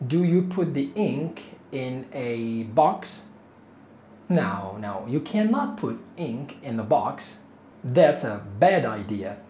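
A man teaching an English lesson, speaking slowly and patiently and repeating each phrase for learners to copy. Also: fairly high pitch, mellow. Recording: echoey room with faint noise.

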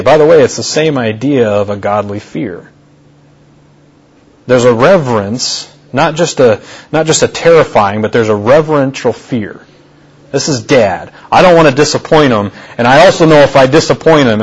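A man's voice: mid-range voice, slightly rough. A male pastor preaching a sermon in a conversational way, repeating key phrases for emphasis. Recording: dull lo-fi sermon recording.

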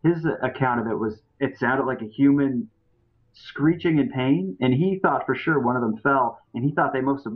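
A man, a podcaster appearing as a guest, telling a story in casual chat with lots of fillers and restarts. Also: medium pitch. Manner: rambling, many fillers and restarts. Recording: tinny phone-like line.

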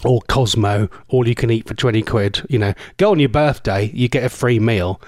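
A man's voice: mid-range voice, normal speed, no room sound, studio quality. A man presenting a radio show, chatting casually and teasing listeners in a rambling way. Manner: chatty, teasing, rambling with mock-posh asides. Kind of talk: casual chat with listener messages.

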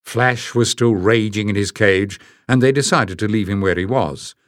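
A man narrating a storybook in a measured, even manner. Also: lowish voice, no room sound, studio quality. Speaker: audiobook narrator. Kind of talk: scripted narration.

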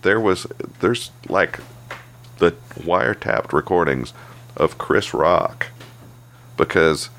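A man's voice: deep voice, slow, vocal fry, pauses often, a little hiss or hum. A man co-hosting a podcast, chatting casually and telling stories with plenty of swearing. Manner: profane, animated storytelling. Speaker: podcast co-host. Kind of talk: casual chat.

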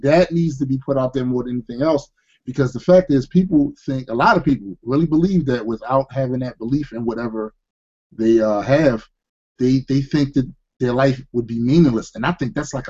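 A man's voice: mid-range voice, fairly quick, a little mellow, slightly rough, muffled recording. A man appearing as a guest on a casual live web chat, laid-back, laughing often and swearing. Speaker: rapper guest.

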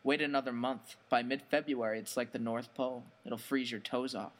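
A man's voice: mid-range voice, fairly even intonation, moderate pace, a bit bright, lightly acted. A man voicing a bored, wry small-town diner waitress who talks in dry, offhand remarks.

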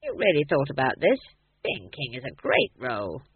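A woman's voice: low-pitched, huge pitch swings, moderate pace, vocal fry, slightly rough, no echo, pitched below the performer's own voice, exaggerated voice. A woman voicing a dry, practical male dwarf scribe who speaks in a wry, matter-of-fact way in a storybook reading. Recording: tinny phone-like distant sound.

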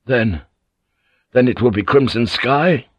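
A man's voice: mid-range voice, slow, slightly rough, dry recording. A man voicing a loyal, blunt old samurai general in an audiobook, eager and deferential. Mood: earnest. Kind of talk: audiobook character voice.

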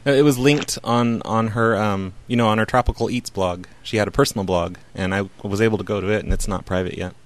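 Brief: low-pitched man, prank call show host, mocking and giggly, casual banter. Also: fairly even intonation, brisk, hardly any pauses. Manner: laughing, mocking, rambling.

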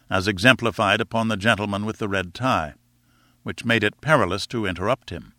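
A man reading a classic novel aloud in measured, expressive storytelling narration. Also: mid-range voice, dry recording, clean studio sound. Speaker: audiobook narrator. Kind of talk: scripted narration.

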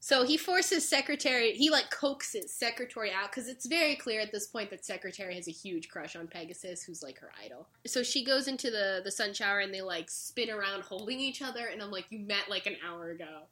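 Animated young woman, bright lively voice. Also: mid-range voice, fairly quick, hardly any pauses. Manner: animated retelling, acts out characters' lines, laughs often. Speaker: podcast co-host recapping a show. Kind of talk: casual chat.

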